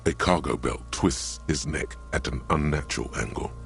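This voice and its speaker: A man narrating a video game in a measured, grim, gravelly voice. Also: fairly bright tone, faint music behind, heavily acted. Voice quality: gravelly, deep.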